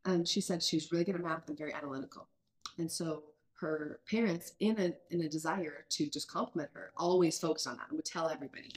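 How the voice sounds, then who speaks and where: Woman, mid-thirties, podcast host; earnest, loose, self-correcting delivery, a little low. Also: fast. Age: mid-30s. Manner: earnest, thinks aloud with many restarts. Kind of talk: casual parenting podcast chat.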